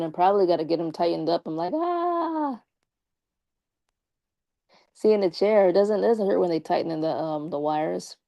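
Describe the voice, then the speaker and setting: A woman's voice: low-pitched, gravelly, dark tone, dry recording. A young woman live streaming and chatting casually with her viewers, slangy and talkative, with a slight lisp from her braces. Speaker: live streamer talking to chat.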